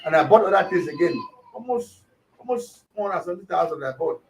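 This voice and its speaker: Nigerian pastor telling a story, off-mic. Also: male voice, fairly high pitch, fairly quick, vocal fry, far from the mic, rough recording. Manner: animated retelling with acted quotes. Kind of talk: storytelling interview.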